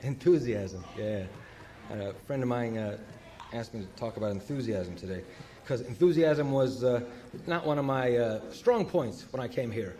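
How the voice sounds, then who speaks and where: An older man telling his recovery story at a meeting, halting and full of fillers. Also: medium pitch, animated, warm tone, slight background noise. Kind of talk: personal recovery talk.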